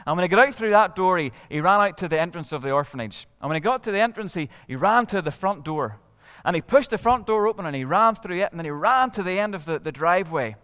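Expressive Northern Irish storyteller man. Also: high voice, fast talker, long reverb tail. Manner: lively, expressive, with dramatic hushes. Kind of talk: telling a story to a live audience.

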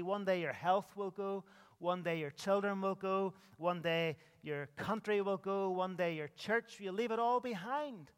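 A pastor preaches an earnest sermon, his voice sweeping up and dropping down for emphasis. It sits high and smooth, moves a little slowly, and carries a big-room sound.

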